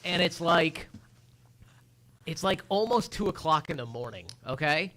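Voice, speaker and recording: A man on a morning radio show spins a story, jumping into little acted voices and sound effects as he goes. His voice sits a touch high and rings bright and forward. It sounds like a studio microphone. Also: measured pace. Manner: animated storyteller, acts out his own voice and sounds. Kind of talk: casual morning radio chat.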